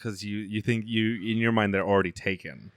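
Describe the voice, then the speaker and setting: A man's voice: lowish voice, steady tone, brisk, no room sound, clean studio sound. A man co-hosting a podcast in casual chat, rambling and hesitant, chuckling through his questions. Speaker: podcast co-host.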